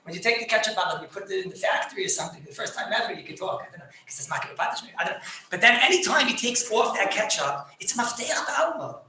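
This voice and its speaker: A man, a rabbi, teaching a halachic class over a video call, excitable and repetitive, laughing as he explains and sprinkling in Hebrew and Yiddish terms. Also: high-pitched, rapid-fire. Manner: excitable, repeats phrases, laughs while explaining. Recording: echoey, distant, faintly noisy video call.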